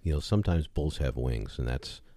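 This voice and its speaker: A man's voice: very deep voice, lively intonation, moderate pace, mellow, no room sound, clean studio sound. A man co-hosting a podcast, wisecracking and teasing in casual banter. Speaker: podcast co-host.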